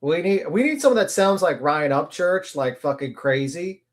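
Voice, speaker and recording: A woman's voice: low-pitched, animated, moderate pace. A woman hosting a livestream, giving brash, sarcastic, profane commentary over a clip. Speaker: livestream host.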